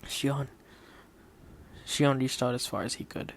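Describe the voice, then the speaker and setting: Gravelly male audiobook narrator. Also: medium pitch, takes it slowly.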